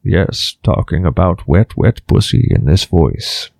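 A man doing a slow, grave old male sage voice, much deeper than his own. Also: expressive, vocal fry, darkish tone, no echo, clean studio sound, heavily acted. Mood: mock solemn.

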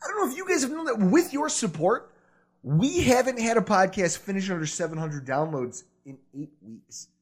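A man with a high, husky voice runs a loose sports podcast chat. His pitch swings widely as he rants, laughs and throws in curses. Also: moderate pace. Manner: animated, laughs a lot, swears freely. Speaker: podcast host.

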